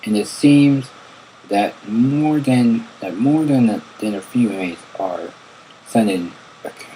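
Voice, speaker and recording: Low, slow man stumbling through a reading. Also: mellow, a little hiss or hum, poor audio. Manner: stumbling, repeats words while reading. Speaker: fan reading an interview aloud. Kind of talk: halting read-aloud narration.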